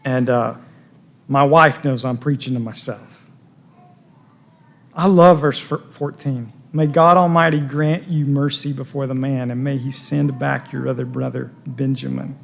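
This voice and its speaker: A man's voice: on the high side, measured pace, vocal fry, pauses often. A man preaching a sermon in a church, earnest, stumbling over repeated words, his voice rising and falling with feeling. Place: church sanctuary.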